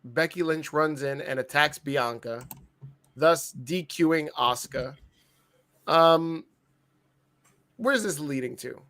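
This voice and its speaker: Animated joking man reviewing wrestling. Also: a little high, takes it slowly, pauses often. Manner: animated, joking, mock-outraged, swears freely. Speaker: podcast co-host. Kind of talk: casual wrestling review chat.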